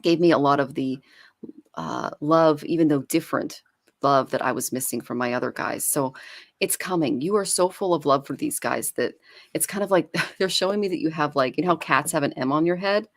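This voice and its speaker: A woman's voice: low voice, fairly quick, no room sound. A woman giving a live psychic reading about a pet, chatty and caring, laughing as she talks. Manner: warm, chatty, laughs while talking. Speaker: psychic reader.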